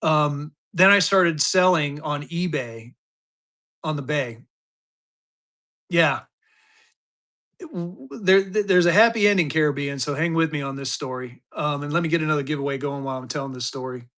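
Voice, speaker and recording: A man's voice: a little high, moderate pace, long pauses, fairly bright tone. A man, chatting casually and rambling through a live-stream auction as its seller. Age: 50s. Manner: rambling, chatty, with many restarts and fillers.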